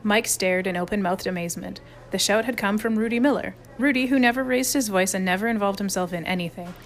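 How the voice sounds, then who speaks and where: A woman's voice: mid-range voice, fast, soft background music. A woman narrating a children's chapter book aloud, reading expressively. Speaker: audiobook reader. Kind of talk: storybook narration.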